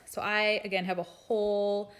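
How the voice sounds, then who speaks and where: During a live stream captured on a phone or webcam, a young adult nurse practitioner answers viewers' questions in a frank, chatty manner after reading them out. She speaks in a level, mid-range voice at a moderate pace.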